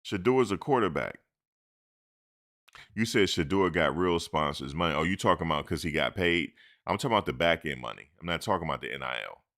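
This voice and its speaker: A man's voice: low-pitched, fairly quick. A man hosting a sports talk show, riffing casually and animatedly, acting out imagined conversations and answering his chat. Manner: animated, talks back to the chat; acts out imagined lines in asides. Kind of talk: casual commentary.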